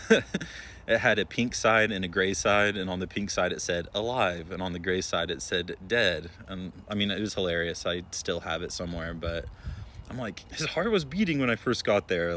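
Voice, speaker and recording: Young man, emergency room nurse, casual storytelling, chatty and relaxed, lowish voice, faint background hum. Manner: chatty, relaxed, many filler words.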